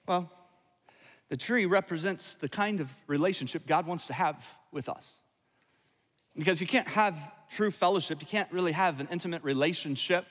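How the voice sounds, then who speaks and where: A man preaching a sermon in an easy, wry, conversational manner, fond of asides. His voice sits a little high, and a long reverb from a large church auditorium trails each phrase. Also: a bit bright. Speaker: pastor.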